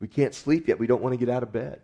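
Earnest male preacher with a mellow voice. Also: mid-range voice, quick pace, lo-fi sound. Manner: earnest, conversational preaching with frequent restarts. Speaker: pastor. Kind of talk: sermon.

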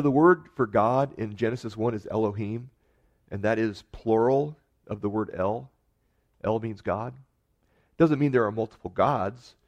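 Earnest male preacher. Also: lowish voice. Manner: earnest preaching with emphatic rises and soft drops. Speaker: pastor. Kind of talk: sermon.

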